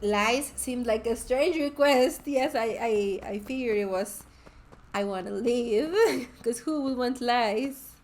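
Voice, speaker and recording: Woman gaming streamer, casual chat, amused asides, slightly high voice, music playing behind. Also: unhurried, hardly any pauses. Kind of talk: casual gameplay commentary.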